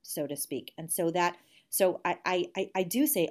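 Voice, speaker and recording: A woman's voice: on the low side, moderate pace, a little mellow. A woman in her forties, a guest in an interview, speaking in a reflective, candid way with frequent restarts. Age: 40s. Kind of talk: conversational interview.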